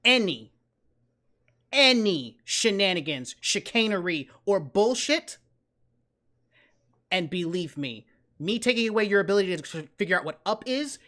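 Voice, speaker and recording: A menacing male superhero, as a player puts him on, heavy with theatrical threats. The voice is bright and cutting, and the delivery swings into loud bursts. It belongs to a tabletop role-play session. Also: medium pitch.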